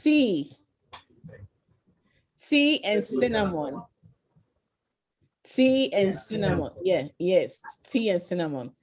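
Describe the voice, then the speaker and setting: A woman's voice: mid-range voice, expressive, slow pace, pauses often, a little mellow. Woman teaching an online class. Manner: encouraging, quizzes listeners with frequent "okay?" and "right?". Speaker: virtual tour presenter. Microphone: video call.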